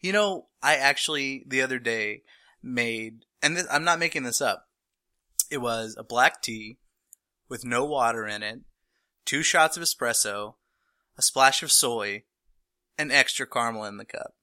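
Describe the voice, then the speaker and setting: Bright-voiced chatty barista guy. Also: mid-range voice, unhurried. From North Carolina. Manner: rambling, animated, breaks into laughing yelps. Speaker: podcast co-host, barista. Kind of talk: casual chat.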